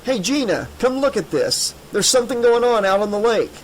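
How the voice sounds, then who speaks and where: Guy reading eager young camper dude calling out, way higher voice. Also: big pitch swings, moderate pace, slight background noise, rough recording. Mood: excited.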